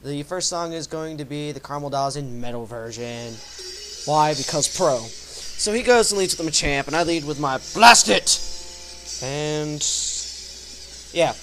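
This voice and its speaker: A young man giving excitable, slangy commentary over a recorded game battle, yelping his reactions. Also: on the high side, unhurried. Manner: excitable, yelps reactions and swears. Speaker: gaming channel host. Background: faint metal music.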